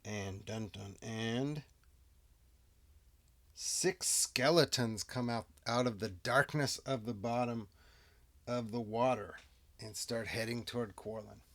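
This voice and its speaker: A man's voice: medium pitch, steady tone, slow pace, pauses often, fairly bright tone. A man playing a tabletop game by himself, narrating casually and thinking aloud, now and then muttering asides under his breath. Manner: muses aloud, drops into muttered whispered asides. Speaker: solo tabletop game player.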